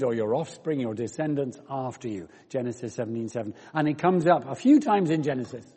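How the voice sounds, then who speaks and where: A man's voice: mid-range voice, fast, warm tone, breathy edge. A man preaching a sermon in a church, explaining scripture in a conversational way and asking the listeners questions. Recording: long reverb of a church hall.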